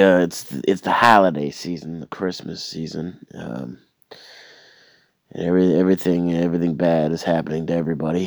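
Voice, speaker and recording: A man's voice: deep voice, gravelly, no room sound. A man who has a cold, rambling and complaining in a sardonic way, stumbling over and repeating his words. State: sick with a cold or flu. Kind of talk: casual rambling rant to camera.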